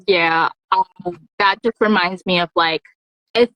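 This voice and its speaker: A woman hosting a podcast, relaxed and quick to laugh, sharing short personal anecdotes. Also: on the low side, dry recording, low-quality recording. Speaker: podcast host. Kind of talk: casual conversation.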